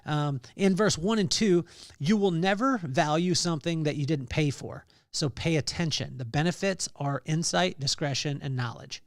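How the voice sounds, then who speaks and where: A man's voice: a little high, moderate pace, dry recording, studio quality. A man hosting a podcast, giving a conversational devotional talk on scripture with many fillers and restarts. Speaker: podcast host.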